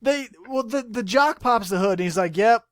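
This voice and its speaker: A man's voice: extremely high pitch, moderate pace, dry recording, clean studio sound. A man hosting a casual podcast chat, retelling a film with lots of swearing, laughter and acted-out lines. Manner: animated storytelling, swears freely, acts out movie lines. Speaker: podcast host.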